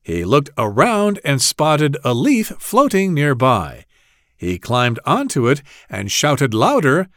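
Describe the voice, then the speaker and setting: A man narrating a children's story in a slow, very expressive read-aloud manner. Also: fairly high pitch, dry recording, clean studio sound.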